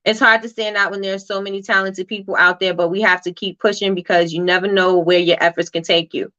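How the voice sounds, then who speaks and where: A woman with a bright, forward voice hosts a casual motivational talk. She talks loosely, full of fillers and "right?". The sound is dry and a little dull, as if from a modest home setup. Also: mid-range voice, steady tone, brisk, no room sound. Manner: chatty, reads comments aloud, many fillers and "right?". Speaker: host.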